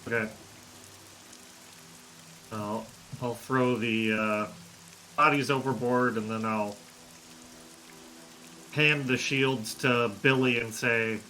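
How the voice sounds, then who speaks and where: A man playing a tabletop game who speaks in an easygoing, halting way. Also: medium pitch, steady tone, pushed and bright, a little hiss or hum, low-quality recording. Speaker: player. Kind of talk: casual tabletop play.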